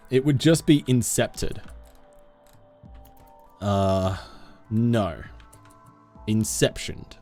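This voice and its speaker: A man's voice: on the low side, very slow, pauses often, darkish tone, soft background music. A man live-streaming a game, chatting casually with viewers in a goofy, self-mocking way.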